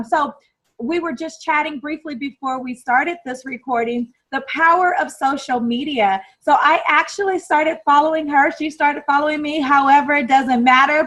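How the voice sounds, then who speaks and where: Excited american lady host, pretty high voice, keeps repeating herself all hyped up. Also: poor audio. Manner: gushing, repeats words for emphasis. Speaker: summit host. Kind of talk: enthusiastic interview introduction.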